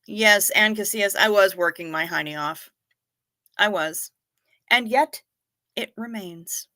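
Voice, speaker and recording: A woman's voice: mid-range voice, a little slow, sharp tone. A woman hosting a casual livestream, chatting frankly with her viewers, greeting them by name and swearing offhandedly. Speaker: livestream host.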